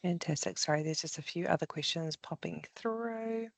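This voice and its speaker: A webinar moderator reads audience questions over a video call, with brisk, upbeat acknowledgements. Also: medium pitch, gravelly, no echo.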